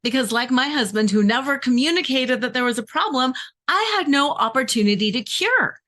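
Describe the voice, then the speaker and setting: A middle-aged woman coaching her audience in an emphatic, conversational way. Her voice sits a little high and swoops up and down a lot as she stresses her points. She sounds like she is talking straight to the listener. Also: animated, fairly quick, a bit bright. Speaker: relationship coach. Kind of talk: direct-to-camera coaching talk.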